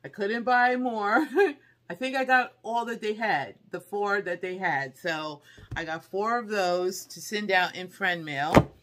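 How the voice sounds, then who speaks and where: Chatty, bright-voiced woman vlogger. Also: mid-range voice, slow pace, slight background noise. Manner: chatty, excitable, squeals with delight. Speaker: haul vlogger. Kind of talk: casual haul video chat.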